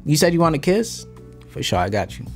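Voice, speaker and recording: A young American man vlogging in a casual, animated way, laughing and swearing freely. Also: on the high side, fairly quick, soft background music. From United States. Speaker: YouTuber. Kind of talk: casual vlog talk.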